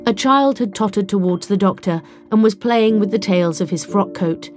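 A woman reading a science fiction story aloud in an even storytelling delivery. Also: mid-range voice, normal speed, faint music behind. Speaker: audiobook narrator. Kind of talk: scripted narration.

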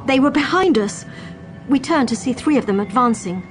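Over music, a woman with a high-sitting voice speaks at a normal pace, narrating an audio drama in first person. She plays a frightened but defiant young companion with earnest expressiveness.

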